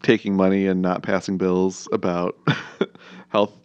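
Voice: sits low, little pitch movement, measured pace, darkish tone, smooth, no echo, lo-fi sound. A podcast co-host in casual political chat, agreeing often with short replies and laughing easily.

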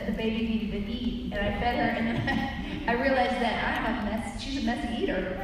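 A woman guest chatting casually and self-deprecatingly with a live convention audience, rambling and joking. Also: fairly high pitch. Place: large convention hall. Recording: roomy hall mic from a distance with crowd. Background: audience crowd noise.

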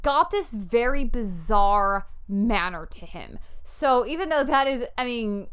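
A woman's voice: fairly high pitch, clear, resonant tone. Amused woman podcast co-host. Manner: animated, amused, quick to laugh. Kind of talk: casual chat recapping a show.

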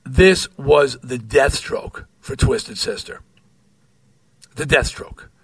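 A man's voice: medium pitch, takes it slowly, vocal fry, slightly rough, no echo. A middle-aged man from New York hosting a podcast, reading from his memoir and telling rock stories with wry, profane asides. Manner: animated storyteller, wry and profane, with asides off the page.

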